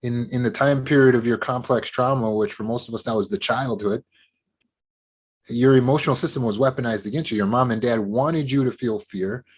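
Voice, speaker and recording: Male teacher type, earnest and explanatory, mid-range pitch, calm lecture on recovery. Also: brisk, husky. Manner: earnest, explanatory, with acted-out quotes. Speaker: trauma recovery educator. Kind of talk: educational talk to camera.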